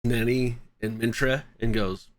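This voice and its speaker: A man playing at a tabletop game, describing his character's actions haltingly with many fillers. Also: mid-range voice, steady tone, no room sound. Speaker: player.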